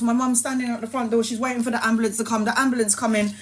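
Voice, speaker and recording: A woman's voice: fairly high pitch, very fast. A woman telling a wild personal story in casual, swear-filled streamer style. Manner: animated, swearing, laughing anecdote. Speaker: tarot reader, streamer.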